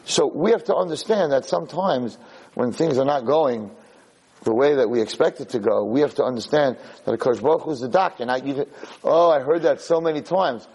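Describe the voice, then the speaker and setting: A man teaching a religious lesson through animated storytelling, acting out the people in his stories. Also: medium pitch, brisk, husky. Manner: animated storyteller, acts out characters. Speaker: Torah teacher. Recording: podcast audio.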